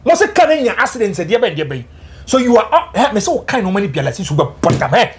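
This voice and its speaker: Fast, lively Ghanaian man arguing politics. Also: high voice, noisy background. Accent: Ghanaian English. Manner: emphatic, repeats his points. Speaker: political panelist. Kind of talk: political talk show debate.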